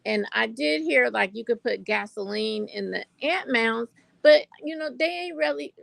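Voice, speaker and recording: Older North Carolina woman vlogger, raspy and gravelly, chatty storyteller talking to her viewers. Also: fairly high pitch, a bit bright, dry recording. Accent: North Carolina Southern American. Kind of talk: casual chat to camera.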